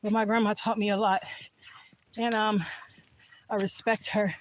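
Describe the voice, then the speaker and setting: A woman's voice: medium pitch, flat delivery, normal speed, slight background noise, low-quality recording. A woman vlogging while walking outdoors, telling an emotional story in a casual way, laughing often and sometimes dropping to a whisper. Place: outdoors, walking back from voting.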